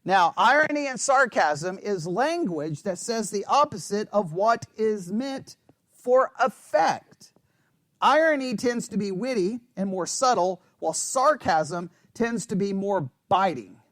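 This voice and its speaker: A man's voice: high voice, a little slow, dry recording. A man teaching a Bible study class in a casual, conversational way, often checking in with his listeners and joking with dry self-mocking sarcasm. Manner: animated, checks in constantly with "right?".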